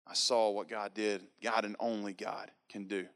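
With a gravelly, fairly low voice, this man in his thirties tells his personal testimony of faith at a moderate pace, hardly pausing. He comes across as earnest, telling it like a story and acting out quotes.

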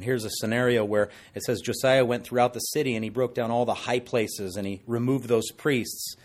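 A middle-aged man preaching an expository sermon as pastor, conversational and animated, with jokey asides. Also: medium pitch, moderate pace, few pauses.

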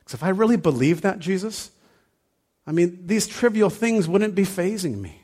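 A man's voice: high voice, big pitch swings, normal speed, a little mellow, breathy edge. A man preaching a sermon as pastor, telling a personal story in a loose, conversational way full of fillers and restarts, then building into fervent, emphatic preaching.

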